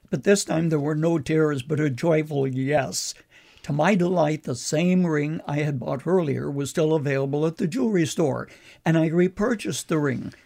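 An older man, a preacher, earnestly recounting a personal story in a measured way. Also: on the high side, gravelly, a little mellow.

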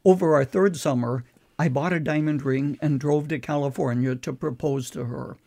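Older man, preacher, earnest measured storyteller, gravelly, slightly high voice. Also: a little mellow. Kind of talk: recounting a personal story.

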